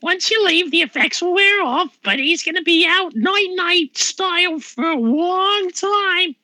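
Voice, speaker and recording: A woman's voice: extremely high pitch, animated, a little slow, sharp tone, dry recording, exaggerated voice. A woman voicing a brash, cheeky male goblin con man who cracks crude jokes in a tabletop game.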